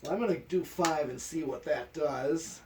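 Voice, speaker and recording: A man's voice: a little high, normal speed, distant mic, background noise. A man testing a ceiling fan, talking practically and counting settings aloud. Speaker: fan tester. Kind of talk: casual technical chat.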